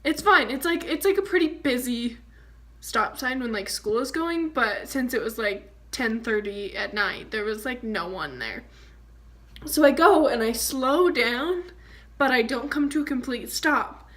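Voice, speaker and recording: Bright-voiced chatty young woman. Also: on the high side, unhurried. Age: young adult. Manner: chatty, fillers of "like", animated retelling. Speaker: vlogger. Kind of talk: casual storytelling.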